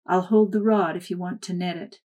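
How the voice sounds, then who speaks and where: A woman reading a calm, patient father. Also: fairly low pitch, fairly quick, natural voice. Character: patient father explaining to his child.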